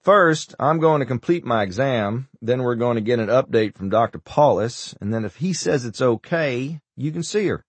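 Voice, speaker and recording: A man's voice: mid-range voice, animated, moderate pace, few pauses, breathy edge, no echo. A man voicing a wisecracking male doctor who puts on a bad Scottish accent, in an audiobook. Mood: teasing. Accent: fake Scottish. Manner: teasing, wisecracking. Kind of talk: audiobook character voice.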